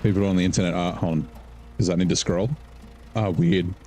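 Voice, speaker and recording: A man's voice: deep voice, fairly even intonation, fairly quick, warm tone, slight background noise. A man casually commenting while he live-streams a game, rambling and joking with his viewers. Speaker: gaming streamer.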